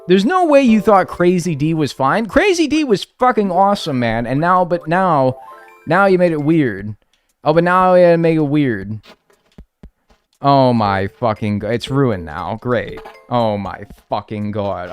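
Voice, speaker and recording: A man's voice: on the high side, big pitch swings, a little slow, smooth, soft background music. A young man streaming a game live, talking to his viewers with playful mock outrage and a lot of swearing.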